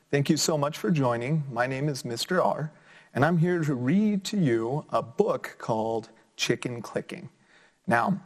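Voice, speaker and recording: Teaching a children's lesson, a man reads a picture book aloud, his pitch jumping up expressively on the sound words.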